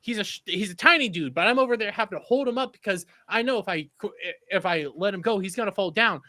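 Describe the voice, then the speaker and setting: A man on a podcast panel, bantering in a casual way, teasing the others and laughing easily. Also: high-pitched. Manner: teasing, animated, quick to laugh.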